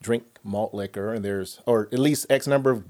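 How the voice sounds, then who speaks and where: A man hosting a podcast in casual chat, telling animated, profane stories and opinions. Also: on the low side, normal speed. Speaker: podcast host.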